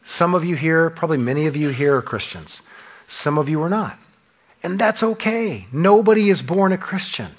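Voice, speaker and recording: A man preaching a sermon to a church congregation, impassioned, asking rhetorical questions and swinging between loud emphasis and hushed drops. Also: a little high, animated, moderate pace. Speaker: pastor.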